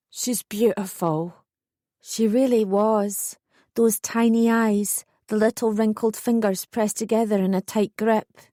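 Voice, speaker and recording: A woman's voice: medium pitch, warm tone, no echo, clean studio sound. Woman reading an emotional memoir. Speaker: audiobook narrator. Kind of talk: scripted first-person narration.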